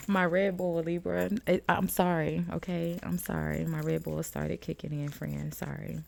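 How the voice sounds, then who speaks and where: A woman's voice: on the low side, fairly even intonation, measured pace, gravelly. A woman giving a casual tarot card reading to her viewers. She is chatty, laughs often, and calls the viewer "friend.". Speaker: tarot reader.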